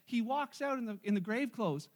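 High-voiced pastor telling a story casually. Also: male voice, lively intonation, normal speed. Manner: casual, joking storytelling to a congregation. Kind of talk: sermon. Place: church.

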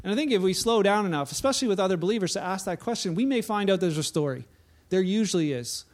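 A man preaching a sermon in a relaxed, conversational way, telling anecdotes and often restarting his sentences. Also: high voice, fast talker. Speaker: pastor.

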